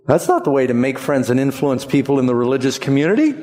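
A man preaching a sermon in an animated way, leading the congregation to repeat lines back to him. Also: medium pitch, fast talker, hardly any pauses, big-room sound.

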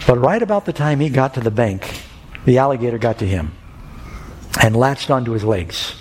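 Male preacher, mid pitch, storytelling sermon, hall reverb, faint music bed. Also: a little mellow. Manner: storytelling, rising to urgent pleading. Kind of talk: evangelistic sermon.

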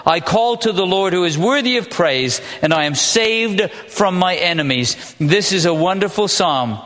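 A man's voice: high-pitched, expressive, moderate pace, a bit bright, long reverb tail. A man preaching a sermon, reading scripture aloud and putting questions to the congregation. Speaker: pastor.

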